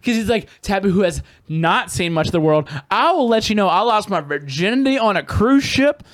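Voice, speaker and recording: A man's voice: high voice, expressive, fairly quick, no room sound, studio quality. A man co-hosting a podcast, telling stories in a joking, profane way. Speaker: podcast co-host. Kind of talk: casual chat.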